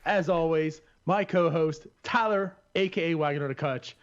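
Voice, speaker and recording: A man's voice: on the high side, normal speed, muffled recording. A man hosting a podcast, laid-back and teasing in casual chat. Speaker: podcast host.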